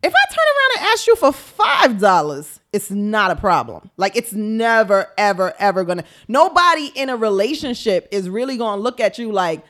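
A woman's voice: mid-range voice, big pitch swings, moderate pace, few pauses, a bit bright. A frank woman talking in casual banter as a podcast co-host, swearing freely and laughing often.

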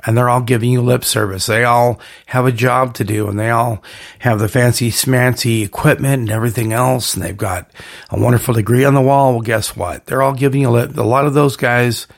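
A man hosts his own podcast alone, with a gravelly, creaky edge on a voice of middling pitch. He rambles in a hyped-up way, piling up slogans and catchphrases. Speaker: podcast host. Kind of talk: solo podcast monologue.

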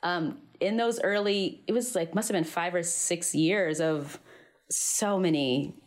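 A woman in her thirties from Philadelphia, telling a personal story in casual chat and acting out the quotes. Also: unhurried. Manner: animated, acts out quotes with big pitch jumps. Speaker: podcast guest.

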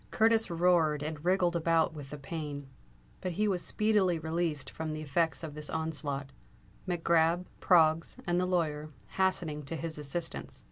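A woman narrating a Victorian novel in a clear, steady reading voice. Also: low-pitched. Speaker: audiobook reader.

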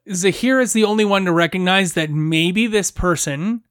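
A woman's voice: fairly low pitch, no room sound. Game master, woman, playful and giggly, dry close mic. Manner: playful, laughs often, halting restarts. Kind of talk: narrating a tabletop game.

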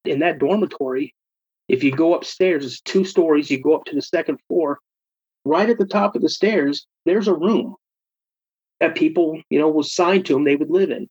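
Guy telling a creepy dorm story, husky and kinda high, muffled lo-fi sound. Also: normal speed. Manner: animated, acts out quoted friends. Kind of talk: casual personal storytelling. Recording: dull lo-fi recording.

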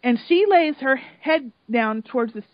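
Animated high-voiced woman retelling a story. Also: normal speed, no echo. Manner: animated, emotional storytelling with swearing. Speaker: podcast co-host recapping a reality show. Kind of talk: casual chat. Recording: dull lo-fi sound.

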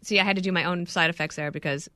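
A woman co-hosting a podcast, chatting casually with quick jokes and asides. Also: lowish voice, steady tone, bright, forceful tone, no echo. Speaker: podcast co-host. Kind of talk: casual chat.

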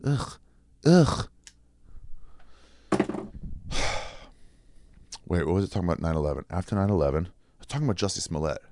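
A man's voice: sits low, fast talker, long pauses, heavy background noise. A man in his forties, a comedian delivering a rambling, profane, sarcastic monologue.

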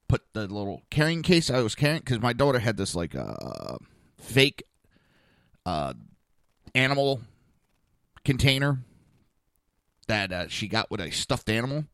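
A man's voice: mid-range voice, a little slow, long pauses, no echo. Man, casual storyteller, exasperated, bouncy delivery, dead-dry recording. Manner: animated, exasperated, acts out dialogue.

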